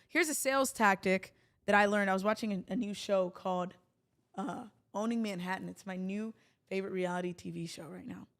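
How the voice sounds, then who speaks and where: A woman's voice: medium pitch, a bit bright. A woman hosting a livestream, talking casually to her viewers in a chatty, rambling way with jokey asides. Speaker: livestream host.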